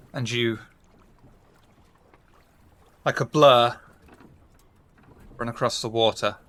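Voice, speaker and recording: A man's voice: lowish voice, sharp tone. A man running a tabletop game as game master, narrating playfully and full of double meanings.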